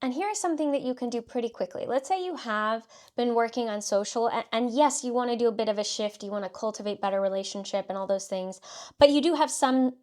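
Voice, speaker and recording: A South Texas woman with a light Southern country twang hosts a solo podcast, speaking a little high and fast in a darkish tone. She's a podcast host and marketing consultant who coaches listeners with upbeat, direct second-person instructions, often saying "okay" and "let's say."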